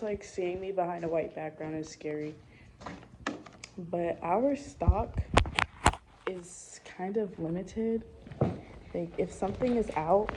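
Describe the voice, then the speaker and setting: A young woman chatting casually to the camera at her workplace, slangy and talkative, sometimes dropping to soft muttered asides. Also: fairly low pitch. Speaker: vlogger at work. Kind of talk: casual vlog chat. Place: indoor workplace at opening time. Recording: noisy workplace background.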